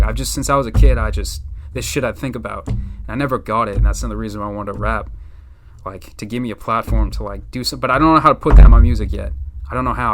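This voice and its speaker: A man's voice: on the low side, background noise. Young male rapper, podcast guest, casual slangy rambler. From Natick, Massachusetts, US. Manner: loose, slangy, rambling with many "like"s. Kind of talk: casual chat.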